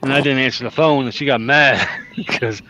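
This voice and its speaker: A trucker streamer in a truck cab on the road chats casually in a mid-range voice at normal speed, with a crowd audible behind him. A jokey storyteller, he laughs a lot and acts out quotes.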